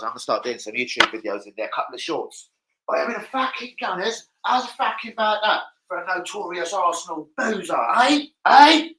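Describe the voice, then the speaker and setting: Here a young man with a London accent, high-voiced and sharp in tone, chats live from indoors at home. He reads comments on his casual livestream with plenty of swearing and laddish banter, captured in a rough recording.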